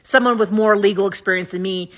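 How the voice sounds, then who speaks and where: A woman's voice: medium pitch, steady tone, brisk, a bit bright. A woman giving candid, opinionated casual commentary to camera as a vlogger recapping a show.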